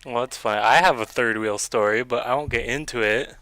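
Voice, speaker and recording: A man's voice: mid-range voice, brisk, bright, forceful tone, no echo. A man co-hosting a podcast in casual chat, joking and teasing. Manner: joking and teasing, chuckles between lines. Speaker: podcast co-host.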